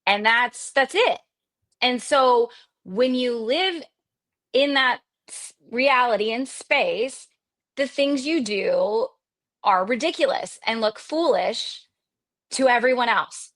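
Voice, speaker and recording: A woman from Texas, a podcast guest, telling a story in casual interview chat, animated and extroverted, acting out the voices of the people she quotes, with lots of fillers. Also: on the high side, slow pace, no room sound. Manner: animated, lively retelling with quoted dialogue and frequent fillers; extroverted and talkative.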